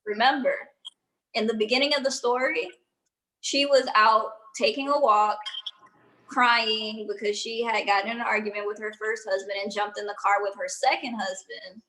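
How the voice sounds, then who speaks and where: A woman's voice: mid-range voice, steady tone, brisk, sharp tone, rough recording. A woman, co-hosting a casual review show and giving her opinions in a gossipy, chatty way. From Louisiana. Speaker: co-host.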